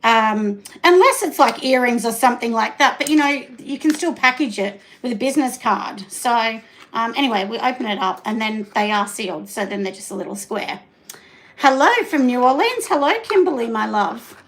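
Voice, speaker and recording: A middle-aged Australian woman on a casual livestream, her fairly high voice carrying a gravelly, fry-tinged edge. She chats freely and greets viewers by name, with many fillers along the way. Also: moderate pace, fairly bright tone, rough recording. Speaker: soap maker hosting a livestream. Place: home studio.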